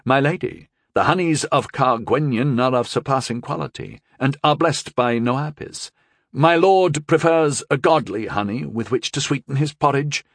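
A man's voice: medium pitch, moderate pace, a bit bright, no room sound, studio quality, pitched above the performer's own voice. A man voicing a timid, fussy male household steward who speaks precisely and deferentially.

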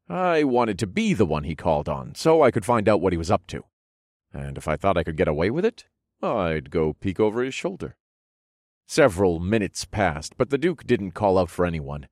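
Deep, animated male audiobook narrator. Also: no echo, clean studio sound. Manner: expressive, wry storytelling. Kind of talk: first-person fantasy audiobook narration.

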